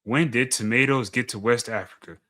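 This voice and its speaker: A man's voice: mid-range voice, brisk, sharp tone. A man giving blunt, dismissive commentary, often repeating himself as he argues. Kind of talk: opinionated commentary video.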